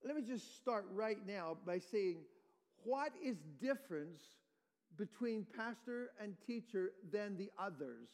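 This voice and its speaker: Pastor, male, high voice, teaching sermon with questions to the pews, long church reverb. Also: lively intonation, measured pace. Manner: explains verse by verse, quizzes the congregation. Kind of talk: expository sermon.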